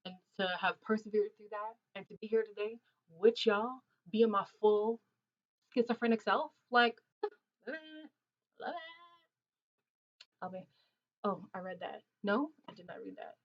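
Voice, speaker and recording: Young woman, casual stream chat, animated, muffled sound. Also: mid-range voice, normal speed. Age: 20s. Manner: chatty, animated, laughs often, loose slangy talk. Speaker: livestream host. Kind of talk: casual livestream chat reading viewer comments. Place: Ontario, Canada.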